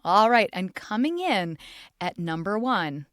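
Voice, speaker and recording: A woman's voice: medium pitch, very animated, measured pace, fairly bright tone, dry recording, clean studio sound. A middle-aged woman hosting a solo podcast, telling funny stories and laughing often as she talks. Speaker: podcast host.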